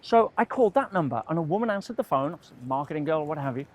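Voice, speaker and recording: A man's voice: fairly high pitch, animated, fast talker. A man, a motivational speaker, telling a personal story to camera and acting out the dialogue in quoted voices. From England.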